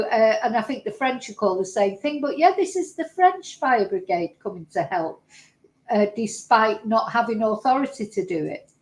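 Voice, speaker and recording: Reverberant and roughly recorded, a woman's medium-pitched, darkish voice chats casually as she reacts to video clips and translates what's said in them.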